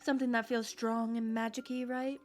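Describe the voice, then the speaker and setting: A woman's voice: fairly high pitch, level tone, normal speed, soft background music, lightly acted. A woman playing a gracious innkeeper. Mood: welcoming. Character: gracious female innkeeper serving magic drinks.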